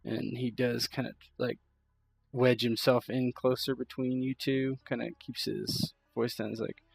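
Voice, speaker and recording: Gravelly, husky game master. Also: male voice, medium pitch, little pitch movement, measured pace. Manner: loose and rambling, with many fillers. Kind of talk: narrating a tabletop role-playing game.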